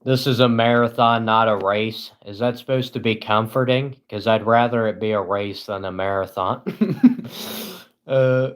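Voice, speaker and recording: A male live streamer with a fairly low voice who talks casually to his chat. His tone is dry and sarcastic, delivered deadpan, and he rambles along with frequent filler sounds. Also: unhurried.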